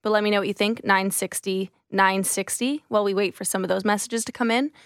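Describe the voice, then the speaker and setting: A woman hosting a sports radio show on a studio microphone, chatty and quick to laugh. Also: medium pitch, steady tone, smooth, no echo.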